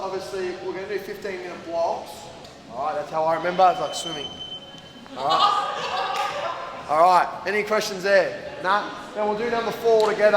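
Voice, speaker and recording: A man's voice: high-pitched, rough recording. An Australian man who coaches and owns a gym, chatting casually between workouts and calling out counts to his team. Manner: relaxed and chatty, full of fillers, calls out counts loudly during drills. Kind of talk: casual vlog talk and coaching a group. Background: loud hip hop music.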